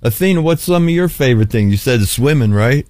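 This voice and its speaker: A man's voice: medium pitch, lively intonation, a little fast, a little mellow, dry recording. Upbeat man hosting a radio show. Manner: upbeat, encouraging, repeats words. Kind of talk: casual radio chat with children.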